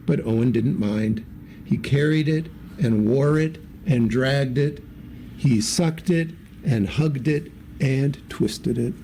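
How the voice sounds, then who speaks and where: Male storybook reader, warm and mellow, lively with character voices, faint hiss. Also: mid-range voice. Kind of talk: reading a picture book aloud.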